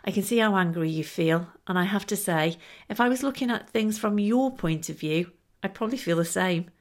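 A woman reading as a calm, placating male gatekeeper saint. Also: medium pitch, a little fast, natural voice. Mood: soothing.

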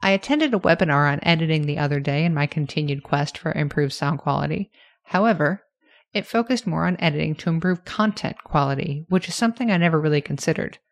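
A woman hosting her own podcast, talking through her plans in a candid, self-reflective, measured way. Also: fairly low pitch. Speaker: podcast host. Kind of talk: reflective solo podcast monologue.

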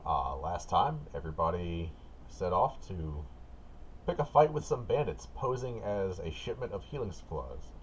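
Low-voiced, expressive male game master. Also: normal speed, slight background noise. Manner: relaxed, patient scene-setting. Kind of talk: narrating a tabletop game.

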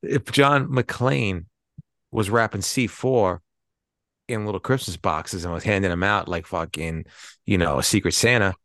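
Very deep voiced guy rambling on a movie podcast, cusses a lot, dry close sound. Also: a little slow, a bit bright, no echo. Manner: rambling, swears freely. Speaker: podcast co-host. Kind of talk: casual movie chat.

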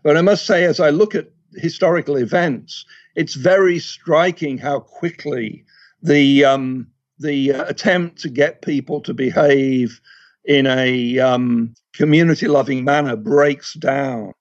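A man speaking as a guest in a casual economics discussion, measured and hesitant, with frequent fillers. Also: medium pitch, dry recording, lo-fi sound.

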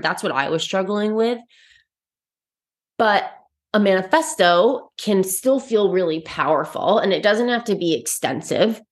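A young adult woman hosting a podcast, talking earnestly and reflectively in a casual solo chat with frequent fillers and restarts. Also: medium pitch. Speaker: host.

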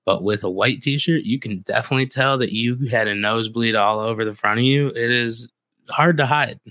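A man's voice: medium pitch, normal speed, bright, forceful tone, dry recording. A man from the American Midwest hosting a podcast, telling a rambling, casual story full of filler "like"s. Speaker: podcast host.

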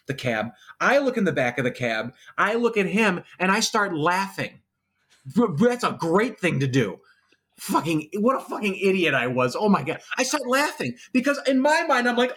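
Animated high-voiced man telling stories. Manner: animated, swearing, acts out voices in anecdotes. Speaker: podcast guest, former special effects artist. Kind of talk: casual storytelling chat.

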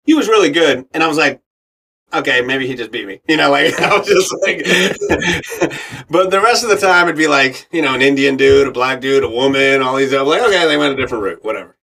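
A man, an actor and radio host, telling animated stories in an interview and acting out the people he quotes. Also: mid-range voice, normal speed, gravelly, slight background noise. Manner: lively anecdotes, acts out quoted voices, swears freely. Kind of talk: animated storytelling.

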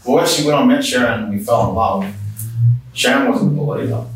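A man's voice: mid-range voice, wildly swooping pitch, quick pace, over music. A man earnestly telling his personal faith testimony as an interview guest, heartfelt and conversational. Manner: earnest, heartfelt storytelling with restarts. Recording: roomy echo, distant mic.

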